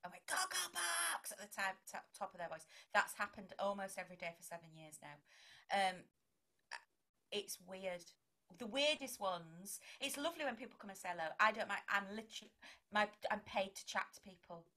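A woman's voice: mid-range voice, brisk, sharp tone. A middle-aged woman, a vicar and broadcaster, chatting in an interview and acting out quoted exchanges. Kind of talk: conversational interview.

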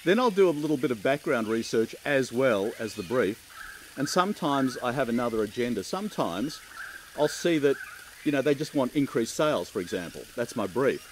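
A middle-aged man with an Australian accent, giving chatty, relaxed interview answers and laughing easily. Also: mid-range voice, fairly quick, slight background noise, poor audio. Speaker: keynote speaker.

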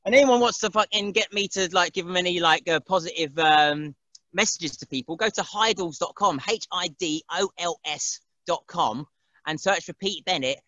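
A man's voice: high voice, normal speed, pushed and bright, dry recording, lo-fi sound. A man, chatting casually as an interview guest, rambling and laughing often and mimicking other people's voices. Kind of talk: casual chat.

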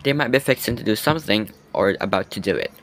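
A man's voice: lowish voice, fast, fairly bright tone, slight background noise. A man giving a class presentation, explaining things and asking the class questions. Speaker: student presenter.

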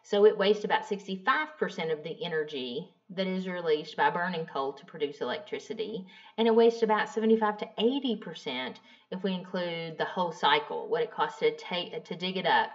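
A young adult woman teaching a class in a casual, chatty lecture style, mixing in lively stories. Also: fairly low pitch, distant mic. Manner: chatty, animated storyteller acting out dialogue. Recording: dull lo-fi recording.

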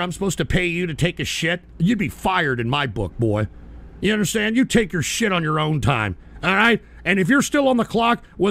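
A man hosts a livestream in a profane, ranting style and often breaks into yelling. His voice is high and gravelly. His pitch swings widely, and he sounds close to a desk mic. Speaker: livestream host.

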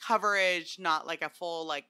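Teasing young woman, bright voice. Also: on the low side, steady tone, moderate pace, clear, resonant tone. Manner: teasing, upfront. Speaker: podcast co-host. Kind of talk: casual chat.

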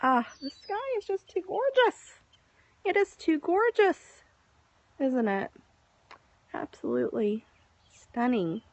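A woman hosting a casual live stream from the countryside at sunset, chatting warmly and greeting viewers by name on her phone. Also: high voice, sing-song, slow pace, long pauses, dry recording, dull audio. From Texas. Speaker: livestream host.

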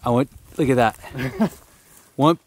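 A man's voice: mid-range voice, slow pace, a little hiss or hum. A man on an outdoor trail, chatting casually and thinking aloud about what he sees. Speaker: co-investigator. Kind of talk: casual chat.

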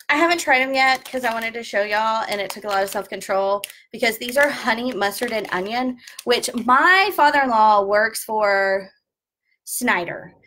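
A former flight attendant chats casually through an unboxing review, joking and explaining travel tips. Her voice is a little high and a bit bright, with a little hiss or hum in the recording.

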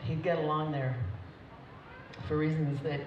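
A woman's voice: low voice, little pitch movement, unhurried. Woman, groom's mother, wedding toast, chatty and emotional, dull distant recording, room noise behind. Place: wedding reception hall. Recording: echoey dull hall recording from far off, crowd noise.

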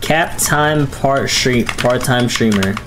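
A young man streaming a video game, chatting casually with viewers in slang and yelping high whenever the action heats up. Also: slow pace, noisy background. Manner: excitable, jumps to high yelps, casual slang. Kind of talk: casual live-stream chat while gaming. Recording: loud keyboard clicks behind. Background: keyboard typing.

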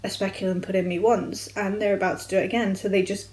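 A woman's voice: medium pitch, level tone, a little mellow, rough recording. Woman telling a frank personal story. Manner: candid and halting, with restarts. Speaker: vlogger.

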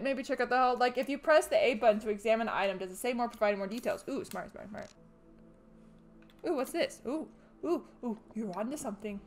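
Her pitch sits high and her pace runs a little fast as she streams a horror game, offering jittery, excited let's-play remarks and hollering at characters when spooked. Some background noise can be heard.

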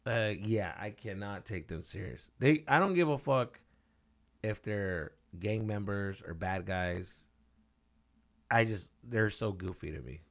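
A man co-hosting a comedy podcast, talking in a casual, profane, animated way with mock voices. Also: lowish voice, measured pace. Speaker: podcast co-host.

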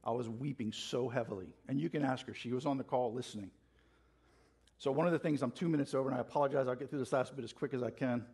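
Delivering a fervent sermon in a church sanctuary, a man calls questions out to the congregation as he gets worked up. His medium-pitched voice is darkish and slightly rough, and he talks quickly.

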